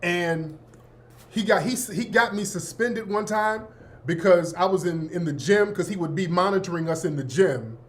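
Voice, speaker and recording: Male host in his fifties, high voice, laid-back slangy storyteller who laughs a lot. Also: moderate pace. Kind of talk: casual storytelling.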